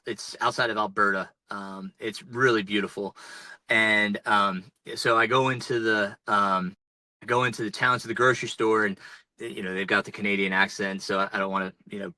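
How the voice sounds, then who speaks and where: A man in his forties from North Carolina, an ultrarunner telling race stories on a podcast in casual, animated fashion with lots of fillers and restarts, calling in from inside a truck. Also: fairly low pitch, dry recording, low-quality recording. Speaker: ultrarunner guest. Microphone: remote call-in.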